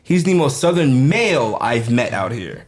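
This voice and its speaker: Animated young man from New York. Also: mid-range voice, moderate pace. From Jamaica, Queens, New York. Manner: animated, laughing, swearing freely. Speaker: podcast co-host. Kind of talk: casual chat.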